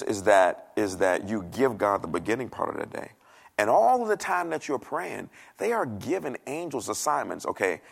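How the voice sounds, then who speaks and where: A middle-aged pastor preaches from a church stage. His voice is gravelly, and his pitch rises and falls a great deal. He talks casually and jokes, acting out the voices of the people he quotes. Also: a bit bright. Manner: conversational, joking, acts out quoted voices. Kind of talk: sermon.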